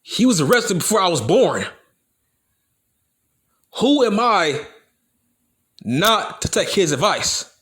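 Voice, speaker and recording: A man on a solo commentary video, going off in a heated and profane rant. His voice sits a bit high for a man and swings up and down a lot as he hammers each point over and over. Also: big pitch swings, slow, long pauses, fairly bright tone. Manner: heated, profane, repeats himself for emphasis. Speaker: wrestling YouTuber. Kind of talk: profane opinion rant to camera.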